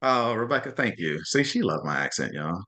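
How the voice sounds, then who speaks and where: Chatty man with a bright voice. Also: on the low side, big pitch swings, moderate pace. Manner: chatty, keeps checking in with "okay?" and "right?"; frequent restarts and repeated words. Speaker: host of a mastermind call. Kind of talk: casual presentation on a group video call. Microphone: video call.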